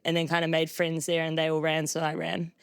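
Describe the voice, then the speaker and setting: A woman's voice: low voice, little pitch movement, brisk, clear, resonant tone. A young woman with a New Zealand accent, a trail runner being interviewed at a live show, bubbly and self-deprecating.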